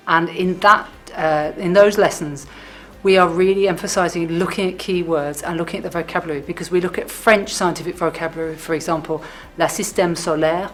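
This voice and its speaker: A female science teacher explaining her teaching fluently and clearly. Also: lowish voice, fairly bright tone. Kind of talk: interview about teaching.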